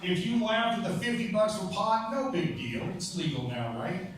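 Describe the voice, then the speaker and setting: A man's voice: high-pitched, sing-song, normal speed. A man doing a stand-up comedy set on a club stage, telling stories in a conversational way with punchy asides. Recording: echoey club, distant mic, crowd noise. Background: audience laughter.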